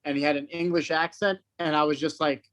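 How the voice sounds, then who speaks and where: A man's voice: fairly high pitch, fairly even intonation, fairly quick, a bit bright, no room sound. A man guesting on a podcast, swearing freely and poking fun at himself with frequent laughs. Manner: profane, self-mocking, laughs often. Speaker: guest comedian. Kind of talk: casual chat.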